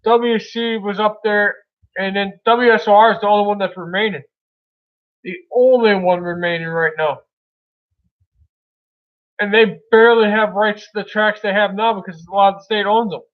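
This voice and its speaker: A man from Milwaukee, Wisconsin, hosts a casual livestream, rambling loosely with viewers and calling them brother. His high voice stays steady at a moderate pace with long pauses, and the audio sounds tinny, like a phone.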